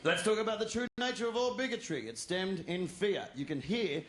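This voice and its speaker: An Australian stand-up comedian with a high, expressive voice talks fairly quickly through a crude, mocking routine, teasing the live audience at a comedy venue. The room is echoey, crowd laughter is loud, and there's slight background noise.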